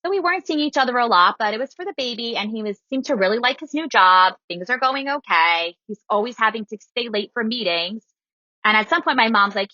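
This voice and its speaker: Woman in her 30s telling her story on a podcast, bright voice, dry slightly dull mic sound. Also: mid-range voice, a little fast, no room sound. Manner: animated, quotes people in her story. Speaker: guest storyteller.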